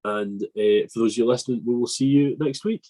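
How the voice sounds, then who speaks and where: A man's voice: medium pitch, fairly quick, mellow, low-quality recording. Joking man hosting a podcast. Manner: joking, laughing, self-mocking. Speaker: podcast host. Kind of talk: casual interview chat.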